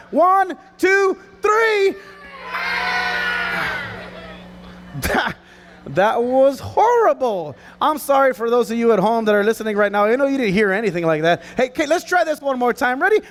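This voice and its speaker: At a festival, a man with a very high voice presents a lively children's stage show. He is playful and hammy, stirring up the crowd of kids with energy.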